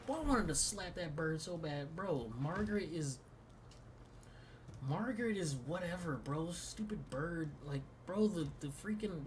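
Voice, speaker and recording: A woman's voice: deep voice, far from the mic, background noise. A woman streaming a video game, chatting casually in a rambling, jokey way. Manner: rambling, jokey, trails off and laughs. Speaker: gaming streamer. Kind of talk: casual chat while gaming.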